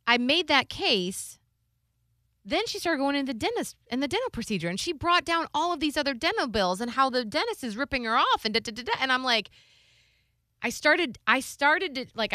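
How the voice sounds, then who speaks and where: A woman's voice: high-pitched, moderate pace, no echo, clean studio sound. Chatty woman telling a family story. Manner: animated, acts out quotes, many "like"s. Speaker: guest sharing a personal story. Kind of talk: casual conversational storytelling.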